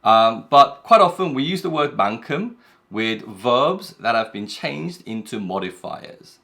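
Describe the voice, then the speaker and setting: A man teaching Korean grammar in English, explaining patiently and reading example phrases quickly. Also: medium pitch, sing-song, creaky, pushed and bright.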